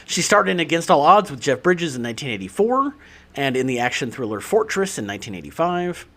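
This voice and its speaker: A man's voice: on the high side, sing-song, brisk, fairly bright tone. A middle-aged man hosting a casual film podcast, reading his notes and chuckling often. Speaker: podcast host. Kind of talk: casual chat about films.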